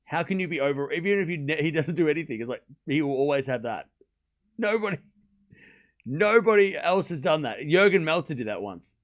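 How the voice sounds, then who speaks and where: Excitable male tennis watchalong streamer. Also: a little high, a little fast. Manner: excited play-by-play, then ranting casually at chat. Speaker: stream host and tennis commentator. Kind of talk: live watchalong commentary with chat.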